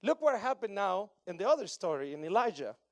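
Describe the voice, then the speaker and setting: Joking animatedly with his congregation, this Argentine pastor in his thirties preaches in broken English colored by his Argentine Spanish accent. His voice sits high and moves briskly, with no echo in the recording.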